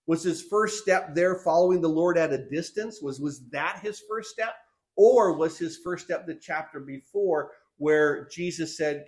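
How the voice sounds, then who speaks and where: A man preaching a sermon, animated, acting out Bible figures in quick back-and-forth dialogue. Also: fairly high pitch.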